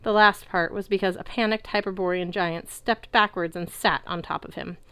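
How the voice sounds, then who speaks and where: A woman reading a novel aloud in a lively way, belting out the characters' shouts. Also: on the low side, normal speed, smooth, no echo. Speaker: audiobook reader.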